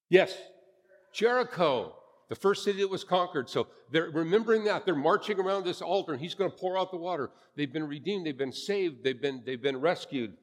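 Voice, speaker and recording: A man's voice: mid-range voice, in a large hall. A man preaching a sermon as a pastor, earnest and emphatic, repeating his phrases for weight.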